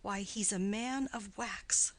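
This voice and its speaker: A woman plays a chatty, doting old nurse in an audiobook play, her voice rising high and loud as she rambles on. Her delivery is slow and natural, though the audio quality is poor.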